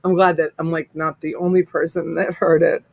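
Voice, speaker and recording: A woman's voice: low-pitched, flat delivery, normal speed, creaky, breathy edge, no echo. Giggly chatty woman on a dry mic. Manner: chatty, giggly, greets viewers by name. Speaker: livestream host greeting viewers. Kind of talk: casual live-stream chat.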